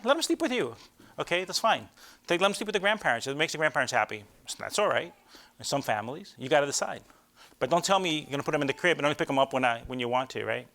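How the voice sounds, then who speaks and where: A man's voice: a little high, a bit bright. A middle-aged man, a sleep doctor, giving a live talk to parents in a conversational way, often checking in with the audience with rhetorical questions.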